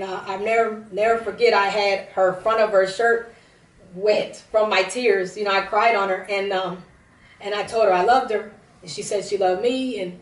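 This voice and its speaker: A woman giving a tearful personal testimony, rambling with many restarts. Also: medium pitch. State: teary. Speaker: prophetess broadcasting a service. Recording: roomy, distant from the mic.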